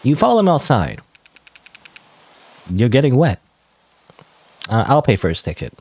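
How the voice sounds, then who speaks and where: Young male let's-player, rambling and chatty, lively pitch. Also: a little slow. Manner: rambling, chatty, many fillers. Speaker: gamer. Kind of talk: let's play commentary.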